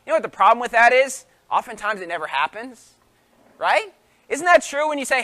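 A man's voice: very high-pitched, expressive, quick pace, pushed and bright. A man preaching a sermon in an emphatic way, full of rhetorical questions.

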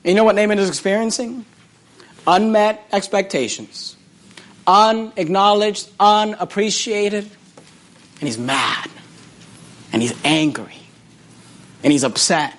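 A man preaching a sermon, reading scripture aloud and retelling it with animated, repeated phrases that swing between loud and hushed. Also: sits high, takes it slowly, pauses often.

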